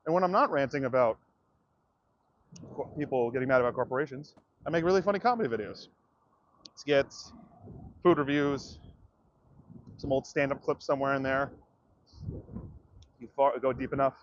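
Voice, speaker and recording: A man's voice: mid-range voice, normal speed, pauses often, highs cut off, slight background noise. A man livestreaming outdoors, ranting to his viewers in a profane, direct way. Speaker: comedian livestreamer. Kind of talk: livestream rant to chat.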